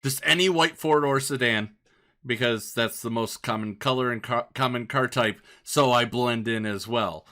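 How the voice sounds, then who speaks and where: A man's voice: medium pitch, moderate pace, sharp tone. A man hosts a podcast from a home studio, keeping the talk loose and upbeat. He chats freely and often restarts his sentences mid-thought. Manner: upbeat, chatty, prone to restarts. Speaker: podcast host. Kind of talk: casual chat.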